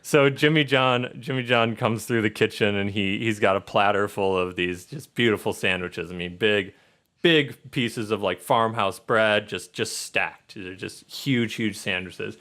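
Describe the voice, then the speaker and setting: Man, game master, relaxed halting narration, tabletop game. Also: on the low side.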